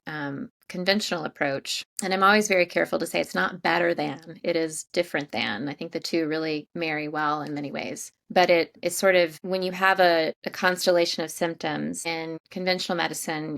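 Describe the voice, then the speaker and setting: A middle-aged woman with a notably low voice and a gravelly, creaky edge. She speaks as an interview guest, explaining things in a thoughtful, measured way. Her talk is conversational and careful. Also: fairly bright tone. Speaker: guest physician.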